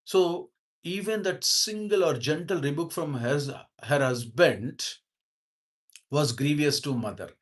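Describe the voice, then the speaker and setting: A man who teaches a spiritual book, reading passages aloud and then explaining them slowly, repeating himself, with many fillers and restarts. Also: fairly high pitch. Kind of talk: devotional book-study talk.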